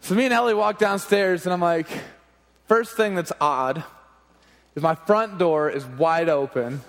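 High-voiced young pastor telling a story. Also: male voice, a little slow. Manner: animated, laughing anecdote telling. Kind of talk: storytelling sermon. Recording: long hall reverb.

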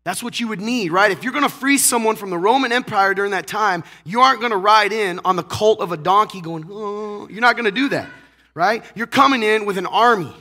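A hoarse, congested man preaching a casual sermon to a church congregation, teasing the crowd and asking rhetorical questions. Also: high voice, brisk, sharp tone. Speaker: pastor. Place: church sanctuary.

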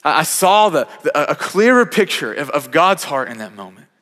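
A man's voice: on the high side, very animated, normal speed, fairly bright tone. A man, a pastor preaching a sermon in a conversational way, often repeating words as he starts a phrase and building to emphatic peaks. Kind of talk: sermon with personal story. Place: church sanctuary. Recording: long hall reverb in church.

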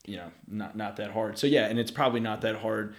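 A man in his thirties, a podcast guest telling stories in casual conversation, lively and laughing often. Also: fairly low pitch, a little fast.

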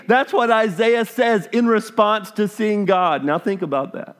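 A man's voice: sits high, unhurried, few pauses, clear, resonant tone. A middle-aged man preaching a sermon, reading scripture and acting out reactions with emphatic exclamations.

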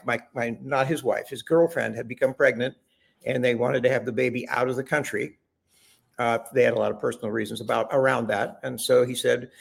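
A man's voice: medium pitch, steady tone, moderate pace, vocal fry, husky. An older man, a former chef, telling long rambling stories as a podcast guest, with frequent restarts. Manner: rambling anecdotes with many restarts. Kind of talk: conversational storytelling.

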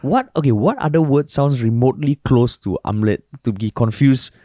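A Singaporean man talks quickly in a mid-pitched, mellow voice, brash and loose with his swearing. The sound is dry and close to the mic. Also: dry recording. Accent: Singaporean English. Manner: brash, swears freely, animated. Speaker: podcast co-host. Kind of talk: casual chat.

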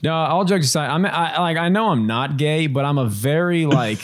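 A man's voice: a little high, moderate pace. A man in his twenties chatting casually on a podcast, crude and laid-back, with lots of fillers. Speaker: podcast co-host. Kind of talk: casual chat.

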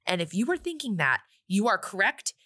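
Bright-voiced woman in her late 20s, chatty movie recap, keeps acting out the characters. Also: medium pitch, sing-song, brisk. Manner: chatty, acts out characters' lines, laughs often. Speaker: podcast co-host.

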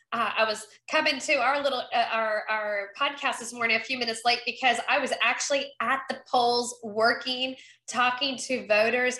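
A woman's voice: fairly high pitch, sharp tone. A woman running for Congress, talking in an upbeat, chatty way in a casual interview. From North Carolina. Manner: upbeat and chatty, acts out quoted conversations. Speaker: congressional candidate. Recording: roomy echo.

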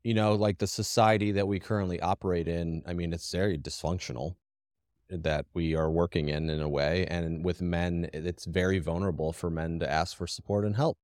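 Low-voiced man chatting candidly. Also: fairly even intonation, a little fast, darkish tone, no room sound, studio quality. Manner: direct, rambling with restarts. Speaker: podcast co-host. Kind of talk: casual conversation.

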